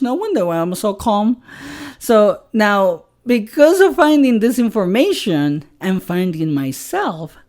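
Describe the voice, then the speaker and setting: Candid, lively-voiced woman podcast host. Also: mid-range voice. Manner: candid, profane storytelling. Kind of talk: casual podcast monologue.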